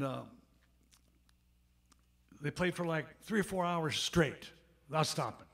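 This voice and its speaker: Captured on a club's stage microphone, this harmonica-playing bandleader wanders through a lengthy, chatty story between numbers, full of digressions. His voice sits a little high.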